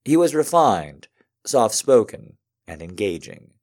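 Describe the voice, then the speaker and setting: A man with a very deep voice reads a story aloud to listeners. His delivery is calm and measured, with soft pauses between phrases. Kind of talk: reading a romantic story aloud to an audience.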